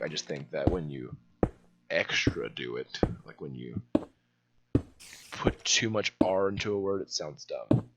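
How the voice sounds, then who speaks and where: A man's voice: very deep voice, creaky. A young man from the American South telling a rambling school story over gameplay, full of fillers and restarts. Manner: rambling, many fillers and restarts, laughs often. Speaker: gaming channel host. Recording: music playing behind voice.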